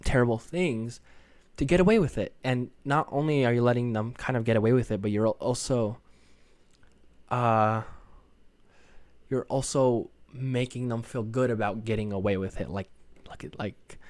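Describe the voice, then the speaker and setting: A young man hosting a podcast from his room at home, talking in a rambling, hesitant way with a self-described monotone delivery. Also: medium pitch, moderate pace, no echo. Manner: rambling and hesitant, many fillers and restarts; self-conscious, says his voice sounds monotone. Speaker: podcast host. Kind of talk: casual solo podcast monologue. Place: home room with parents down the hallway.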